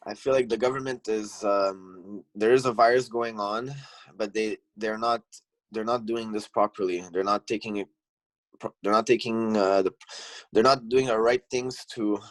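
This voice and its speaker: A man's voice: fairly low pitch, steady tone, moderate pace, dry recording, low-quality recording. A man, a gym owner talking as a podcast guest, heated and swearing, restarting his sentences. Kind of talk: casual chat.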